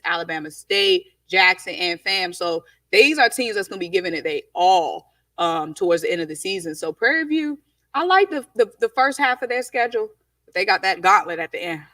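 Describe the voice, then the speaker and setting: A woman's voice: medium pitch, pushed and bright, no room sound, recorded from a distance. A woman giving emphatic, plain-spoken football analysis on a live talk show.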